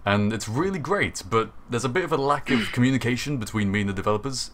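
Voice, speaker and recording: A British man hosting a casual livestream chat on a voice call, animated and quick to laugh. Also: medium pitch. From Britain. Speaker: host.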